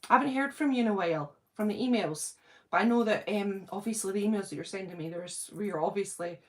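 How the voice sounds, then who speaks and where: A middle-aged British woman hosting a casual livestream, nervous and excited, chatting and greeting viewers by name. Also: mid-range voice. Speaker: channel host doing a livestream.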